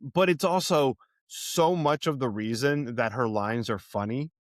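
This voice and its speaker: A man's voice: mid-range voice, a little slow, no echo, clean studio sound. A man co-hosting a podcast, talking casually about a film, swearing freely and slipping into bits of other voices. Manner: animated, swears casually, drops into impressions. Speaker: podcast co-host. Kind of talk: casual movie chat.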